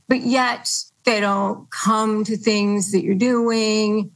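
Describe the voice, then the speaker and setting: A woman's voice: a little high, fairly even intonation, takes it slowly, low-quality recording. A woman hosting an advice podcast, explaining in an earnest, patient way and quoting phrases as examples. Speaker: podcast host.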